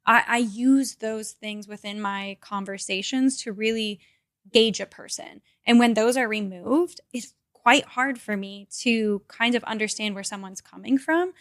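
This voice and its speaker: A woman's voice: medium pitch, measured pace, dry recording. Chatty woman podcast co-host, dry sound. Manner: reflective, openly shares own feelings, laughs easily. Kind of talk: casual podcast chat.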